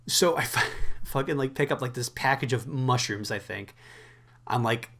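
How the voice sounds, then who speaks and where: A man's voice: mid-range voice, normal speed, creaky, bright, forceful tone. A young man co-hosting a podcast, telling a rambling, profane story with plenty of filler words and laughs in a casual chat. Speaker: podcast co-host.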